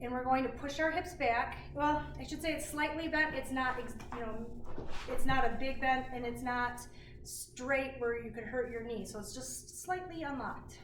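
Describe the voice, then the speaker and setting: A woman's voice: high-pitched, moderate pace. A middle-aged woman leading a kids' exercise class, encouraging and counting reps aloud. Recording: roomy, distant, faint noise.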